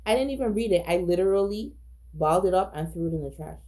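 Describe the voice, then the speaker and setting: A woman's voice: on the low side, animated, fast, a little mellow. A woman telling a personal story in a casual monologue, agitated, profane, emphatic and repetitive. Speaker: storyteller recounting a personal incident.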